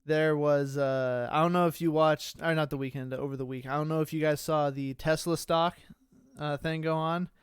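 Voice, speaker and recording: A man's voice: a little high, fairly even intonation, moderate pace, clear, resonant tone, no room sound, clean studio sound. A man co-hosting a casual streaming podcast, rambling with many fillers and restarts. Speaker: podcast co-host.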